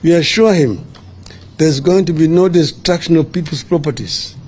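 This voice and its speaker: An older Kenyan man delivers a press statement in a measured, deliberate way. His voice is a little high for a man but mellow and soft-edged. He pauses and restarts now and then while he answers reporters. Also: slightly rough. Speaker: opposition leader at a press briefing.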